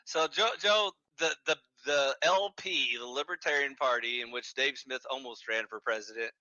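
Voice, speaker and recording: A man's voice: medium pitch, normal speed, no room sound, lo-fi sound. A man arguing hard in a played clip, swearing and talking over the other person. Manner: profane, forceful, cutting in. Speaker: debate guest in a played clip. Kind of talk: heated political argument.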